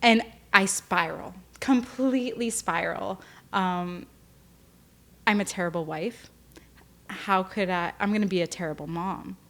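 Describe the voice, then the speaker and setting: A woman's voice: mid-range voice, a little slow, creaky, a bit bright. A young woman speaking candidly as a podcast guest, often emotional and tearful, with many fillers. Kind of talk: candid personal interview.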